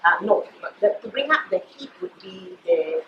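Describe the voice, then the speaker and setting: A woman's voice: on the high side, sing-song, moderate pace, creaky, dull audio, slight background noise. A middle-aged woman with a Malaysian accent, a chef giving a chatty, explanatory cooking class in a hotel kitchen and often checking in with her listeners. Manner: chatty, explanatory, checks in with "you know" and "all right". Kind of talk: live cooking demonstration. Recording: echoey kitchen.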